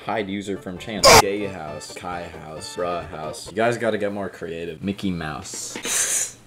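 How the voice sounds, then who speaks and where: A young man giving casual, joking commentary while streaming a game, with frequent excited exclamations. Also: deep voice, moderate pace. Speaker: streamer playing a platform game. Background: loud game music.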